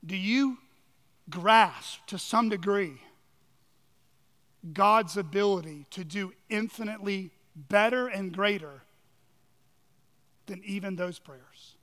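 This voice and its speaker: A man's voice: high voice, slow, long pauses, pushed and bright. A male pastor delivering an earnest, emphatic sermon full of rhetorical questions, recorded in a church sanctuary. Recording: long reverb of a large hall.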